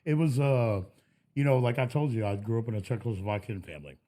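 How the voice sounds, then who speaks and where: A man's voice: medium pitch, fast talker, mellow. A man, a podcast guest, telling laid-back stories in casual chat and laughing often. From Texas.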